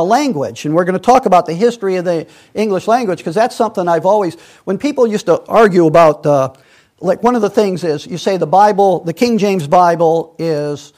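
High-pitched guy teaching bible study, wanders off topic, lots of uh and and. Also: a little mellow. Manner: digressive, many restarts and fillers. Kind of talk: rambling Bible study talk.

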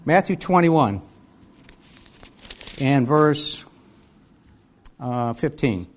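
A man's voice: mid-range voice, lively intonation, very slow. Man preaching a sermon. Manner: reads scripture aloud in King James wording, then asks the listeners questions.

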